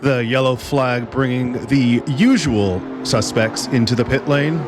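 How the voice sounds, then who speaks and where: A man's voice: mid-range voice, unhurried. Jokey male race commentator. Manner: jokey, sarcastic asides. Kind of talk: sim racing play-by-play commentary. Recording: loud race engine noise. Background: race car engine noise.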